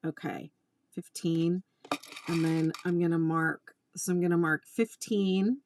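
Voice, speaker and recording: A woman teaching crochet in a casual tutorial, chatting with exasperated asides and quietly counting her stitches. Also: lowish voice, fairly even intonation, takes it slowly, a little hiss or hum.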